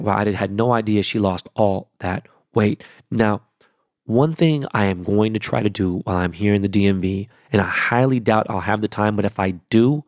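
A man's voice: on the low side, a little mellow, dry recording, clean studio sound. A man talking casually and profanely in a rambling, emphatic monologue.

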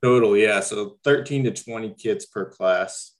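A man's voice: fairly low pitch, measured pace. A young man from Missouri, a new varsity coach, talking hesitantly with many ums and restarts. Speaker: guest basketball coach. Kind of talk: casual interview talk.

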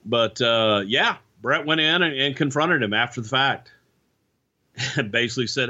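Man, podcast guest, bright tone, rambling storyteller, dull lo-fi sound. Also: medium pitch, normal speed. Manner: rambling, frequent you-knows and restarts. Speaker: former wrestling insider guest. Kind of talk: casual podcast recollection.

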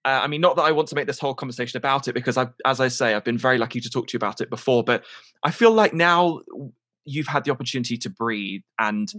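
A man hosting a podcast interview, talking quickly and chattily as an open fan of his guest. His voice is dry and close on the mic, with no room around it. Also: medium pitch, sharp tone, no room sound. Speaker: podcast host. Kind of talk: casual interview.

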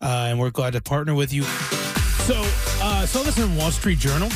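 A man's voice: fairly high pitch, sing-song, normal speed, over music. A man hosting a radio show, chatting in an upbeat, playful way. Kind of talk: casual chat.

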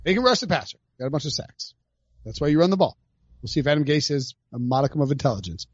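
A man's voice: a little high, expressive, fast, breathy edge, no room sound, dull audio. A man hosting a podcast, chatting casually about football picks with jokey asides. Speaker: podcast host. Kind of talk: casual sports betting chat.

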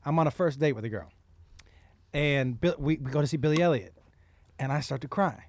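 A man in casual chat, joking and telling animated stories. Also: fairly high pitch, brisk.

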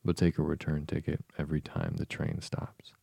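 A man voicing a fussy gentleman dressed in paper in a slow, soft bedtime storybook reading. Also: a bass voice, little pitch movement, creaky, husky, no echo, clean studio sound, exaggerated voice.

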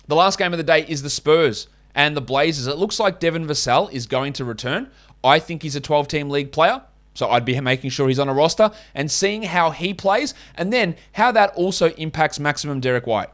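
A man's voice: a little high, lively intonation, fairly quick, a bit bright. A man with an Australian accent hosting a solo sports podcast in a casual, blunt, opinionated way, swearing now and then. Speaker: fantasy basketball podcast host.

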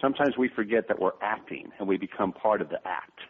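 A husky-voiced man in his fifties tells stories with jokes and repeated words, slipping into quick impressions. He comes through a narrow, tinny phone line. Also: fairly low pitch, expressive. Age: 50s. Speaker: guest. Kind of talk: animated storytelling interview.

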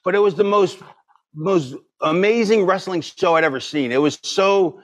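Animated middle-aged man telling stories. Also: high voice, normal speed. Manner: animated storyteller, acts out quoted voices. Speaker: podcast guest. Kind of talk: casual storytelling.

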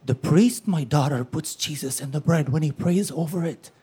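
Grave old priest, hushed and low, put on by a male storyteller. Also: moderate pace, breathy edge. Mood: solemn.

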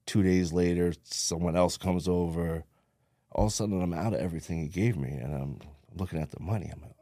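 Low voiced jersey guy telling his story, blunt, cusses a lot, dry sound. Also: a little fast, warm tone, no echo. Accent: New Jersey. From New Jersey. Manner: streetwise, blunt, swears a lot, acts out quotes. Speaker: podcast guest. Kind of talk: casual storytelling interview.

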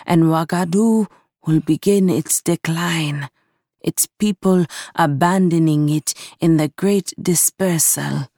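A woman reading a wise old storyteller man, hushed and reverent, telling an ancient tale in an audio story. The voice is low and slow, recorded close and dry. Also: no echo. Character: old wise male storyteller, solemn elder.

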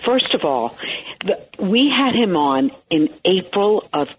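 A woman with a Brooklyn accent, a TV host telling animated, wisecracking stories as a guest in a casual interview. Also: fairly low pitch, slow pace. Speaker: TV morning show host, guest. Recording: tinny phone line, faint hiss.

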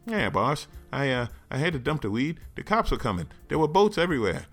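A man's voice: mid-range voice, sing-song, fairly quick, fairly bright tone, soft background music, voice pushed up. A man voicing a small-time 1930s-style male gangster pleading with his boss in a put-on accent. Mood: sheepish.

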